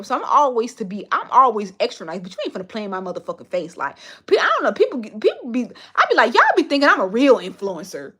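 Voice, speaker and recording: Husky, lively-voiced woman telling blunt stories. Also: on the high side. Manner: blunt, profane storytelling with lots of slang. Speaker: livestreamer. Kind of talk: casual livestream chat.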